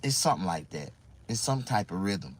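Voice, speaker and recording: Male livestreamer, somewhat low voice, loose rambling chat, repeats words in mock confusion. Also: big pitch swings, fairly quick, breathy edge, low-quality recording. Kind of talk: casual livestream talk to viewers.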